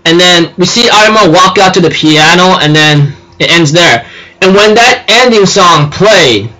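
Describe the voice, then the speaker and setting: A man's voice: sits high, lively intonation, measured pace, pushed and bright, poor audio. A man casually recapping an anime episode, rambling with many fillers and restarts. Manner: rambling, filler-heavy, self-correcting. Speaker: anime reviewer.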